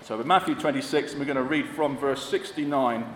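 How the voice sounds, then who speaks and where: A male minister leading prayer and a talk for children in a church. He speaks in a measured way and lets his phrases trail off softly. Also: mid-range voice, slight background noise. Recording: echoey church hall, faint ambience.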